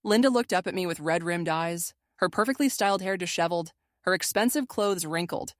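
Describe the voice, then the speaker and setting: Low-voiced woman narrating a story. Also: a little fast, no room sound, studio quality. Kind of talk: scripted first-person story narration.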